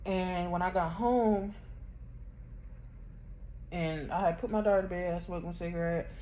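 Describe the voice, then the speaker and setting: A grieving woman vlogging from her bedroom, telling a painful story in a halting, rambling way, close to tears. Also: lowish voice, dark tone. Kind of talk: emotional personal confession vlog. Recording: dull muffled sound with faint background hum.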